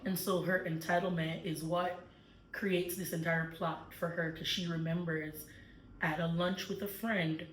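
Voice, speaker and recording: A woman with a lowish voice and flat, unhurried delivery hosts a book club, recapping a story in relaxed conversation full of fillers. The recording is echoey and distant from the mic, with a little hiss or hum.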